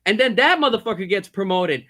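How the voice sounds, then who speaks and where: A man's voice: sits high, expressive, fairly quick, pushed and bright. A man hosting a livestream chat, ranting with heavy profanity and pressing his points with rhetorical questions. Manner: fired-up ranting with frequent profanity. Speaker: livestream host. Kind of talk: heated casual chat.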